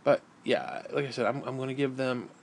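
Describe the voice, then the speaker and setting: A man's voice: mid-range voice, fairly even intonation, fairly quick, slight background noise. Exasperated man ranting, profane and rambling. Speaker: gaming and wrestling commentator. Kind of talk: angry rant.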